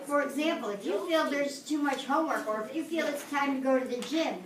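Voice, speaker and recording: A woman's voice: high voice, fairly quick. A woman teaching a class, patiently asking her students questions and walking them through steps. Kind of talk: classroom lesson. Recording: echoey room, distant mic, noisy.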